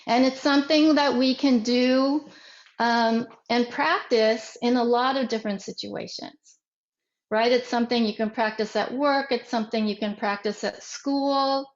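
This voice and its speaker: A woman teaching a self-defense workshop, speaking deliberately with frequent repeats and restarts. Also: on the high side, steady tone. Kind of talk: workshop instruction. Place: online workshop. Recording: echoey, muffled room recording.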